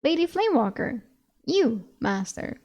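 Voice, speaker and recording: A woman's voice: sits high, very animated, unhurried, darkish tone, exaggerated voice. A woman voicing an earnest, literal-minded male dog in a novel she reads aloud, speaking bluntly and matter-of-factly. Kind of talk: reading a novel aloud with voices.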